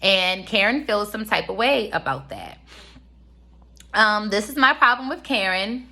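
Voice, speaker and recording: Chatty bright-voiced woman in her thirties. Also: medium pitch, lively intonation, unhurried. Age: 30s. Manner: chatty, rambling with many fillers. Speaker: reality TV reviewer. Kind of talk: casual commentary.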